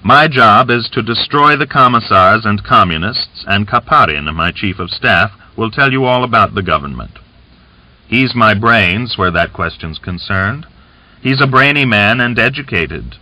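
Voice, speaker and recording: A man's voice: fairly low pitch, lively intonation, unhurried, bright, forceful tone, no echo, voice pushed up, full character voice. A man reading aloud, voicing a scheming, boastful Cossack rebel leader who talks with coaxing, smug confidence, on a dull lo-fi recording.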